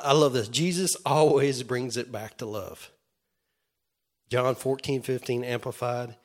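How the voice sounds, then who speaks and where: A man preaching a sermon in an earnest way, with many restarts, moving from loud calls to the congregation to quiet retelling. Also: medium pitch. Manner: earnest, swings from loud calls to soft storytelling; stammering restarts.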